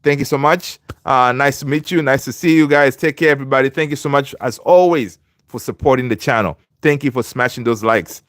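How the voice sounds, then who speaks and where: A man hosting a casual livestream, talking close to the mic in a dry, dead room. His voice sits at an ordinary middle pitch, and he chats loosely with lots of fillers while greeting viewers and reading out their comments. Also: brisk, few pauses, fairly bright tone, dry recording. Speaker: livestream host of a football fan channel.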